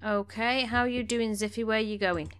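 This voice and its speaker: A woman's voice: on the high side, steady tone, a little fast, a bit bright, clean tone. A woman giving casual gameplay commentary, chatting along and bossing her game characters around, a little snuffly from allergies. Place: home room.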